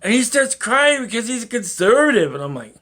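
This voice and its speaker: A man's voice: very high-pitched, very animated, brisk, pushed and bright. A man rambling through a solo vlog monologue, swearing often and chuckling to himself. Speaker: vlogger.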